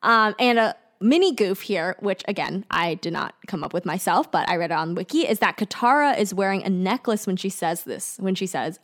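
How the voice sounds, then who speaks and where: A woman's voice: mid-range voice, animated, brisk, few pauses. A young woman co-hosting a podcast, chatting casually as she recaps an episode scene by scene. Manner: chatty, acts out quoted lines with giggles. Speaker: podcast co-host.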